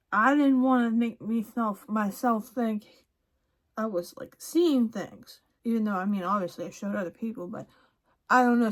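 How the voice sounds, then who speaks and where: Young woman vlogger, casual get-ready chat, rambling, restarts a lot, laughs softly. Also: medium pitch.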